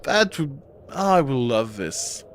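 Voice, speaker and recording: A man's voice: medium pitch, big pitch swings, slow, a little hiss or hum. A man streaming a horror game, chatting casually in a rambling way and breaking off with laughs. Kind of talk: casual gameplay commentary.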